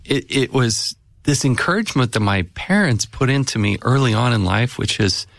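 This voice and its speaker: A man's voice: medium pitch, expressive, normal speed, vocal fry, a bit bright, a little hiss or hum. A man hosting a casual interview. He speaks in an easygoing, reflective way.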